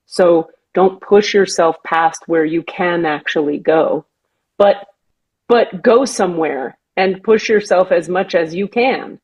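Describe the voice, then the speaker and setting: A woman hosting a podcast, talking earnestly and with feeling in casual chat, sometimes slowing down to stress a point. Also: on the low side, darkish tone, husky, lo-fi sound. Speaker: podcast host.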